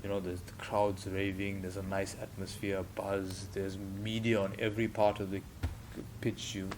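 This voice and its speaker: Speaking at an ordinary pace against a noisy backdrop, this South African man in his thirties has a voice that sits low. As a podcast guest he spins casual stories with energy, voicing the quotes himself amid laughter.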